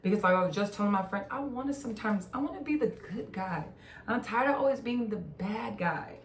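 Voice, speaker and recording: A woman's voice: mid-range voice, expressive, fairly quick. A woman in her thirties hosting a casual talk show, chatty and laughing easily as she tells stories and acts out what people say. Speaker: podcast host. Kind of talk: casual chat. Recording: echoey room, distant mic, faint noise.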